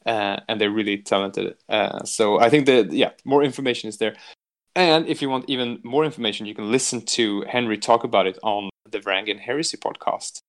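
A man's voice: fairly low pitch, brisk. A man hosting a podcast in casual chat, rambling and joking and swearing freely, slipping into silly mock voices now and then. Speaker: podcast host.

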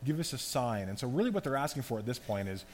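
A man giving a conversational, animated sermon as pastor. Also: mid-range voice, fast, faint music behind. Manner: conversational, animated preaching with asides. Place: church hall. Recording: long hall reverb, faint hum.

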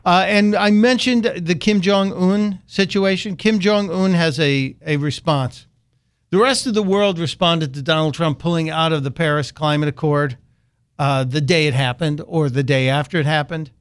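A man's voice: a little high, fairly even intonation, moderate pace, smooth. A man hosting a talk radio show, delivering sarcastic, mocking commentary into a studio microphone.

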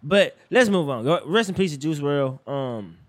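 A young man co-hosting a casual chat, animated and profane with loud outbursts, sounding tired. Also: a little high, normal speed. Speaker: podcast co-host.

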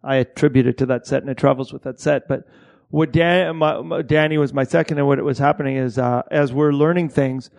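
A man's voice: medium pitch, fairly even intonation, vocal fry, a little mellow. A Canadian-born man, an assistant director, talking casually with frequent restarts and swearing. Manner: halting, many restarts and swearing. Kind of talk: casual podcast conversation.

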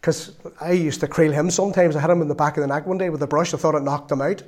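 A middle-aged man with a Northern Irish accent preaching a sermon, telling a lively story from his own family and acting out the voices in it. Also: a little high, quick pace, very noisy. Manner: lively storytelling, acts out voices, laughs often.

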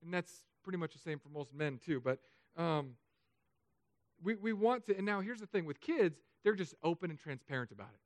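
A man preaching a sermon as pastor, emotional, swinging between loud urging and soft, hushed stretches. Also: on the high side, expressive, moderate pace, no echo.

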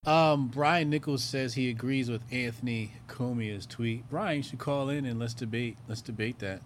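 A man hosting a call-in show, answering callers briefly and calmly and inviting people to debate. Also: medium pitch, moderate pace, a little hiss or hum. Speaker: host.

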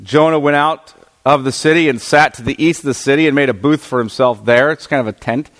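A man's voice: mid-range voice, brisk, fairly bright tone. A man teaching a Bible passage to a group, reading verses aloud and then explaining them, checking in often with his listeners. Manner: reads scripture aloud, then explains it with frequent "right?" checks. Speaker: preacher.

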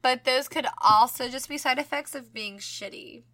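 A woman's voice: sits high, moderate pace, bright, forceful tone, no echo. A young woman co-hosting a casual podcast, teasing and skeptical, joking with swearing. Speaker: podcast co-host. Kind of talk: casual chat.

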